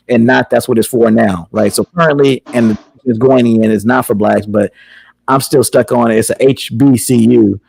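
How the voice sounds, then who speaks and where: Gravelly-voiced man hosting a talk show. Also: medium pitch, a little mellow, no room sound, poor audio. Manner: rambling, conversational, with filler words. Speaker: podcast host. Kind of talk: casual call-in talk show.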